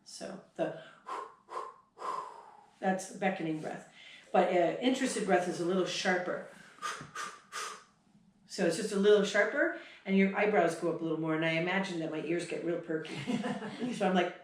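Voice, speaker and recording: A woman's voice: lowish voice, moderate pace, pauses often, a little hiss or hum. A woman horse trainer explaining breathing signals at a clinic, chatty, breaking off to sigh and huff out demonstrations. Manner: demonstrates breath sounds, sighs and huffs, chatty. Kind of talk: explaining at a workshop. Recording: echoey hall, mic far off.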